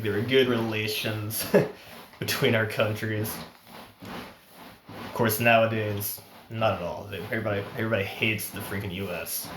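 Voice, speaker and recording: A man's voice: lowish voice, background noise. A man telling a story in a casual, rambling way. He chuckles often and restarts his sentences, and his nose is running. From United States. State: runny nose. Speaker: vlogger. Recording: roomy echo.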